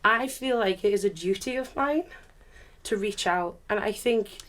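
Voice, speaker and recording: A woman speaking on a panel discussion, telling candid stories in a lively way, full of laughter and acted-out quotes. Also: mid-range voice, unhurried. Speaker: panelist, turntablist.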